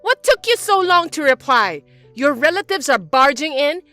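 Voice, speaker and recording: A woman voicing a scheming, self-pitying older mother-in-law who talks in a shrill, accusing whine. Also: big pitch swings, moderate pace, pushed and bright, soft background music, full character voice. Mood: scolding. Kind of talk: dubbed drama acting.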